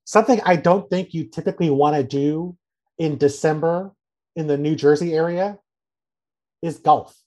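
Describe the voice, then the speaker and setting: A man hosting a sports talk podcast with a dark, mellow voice. He sounds sardonic and incredulous, stacking up sarcastic points in relaxed conversation. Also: fairly high pitch, normal speed, muffled recording. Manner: incredulous, sardonic, reads out quotes. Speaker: podcast host. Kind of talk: casual podcast chat.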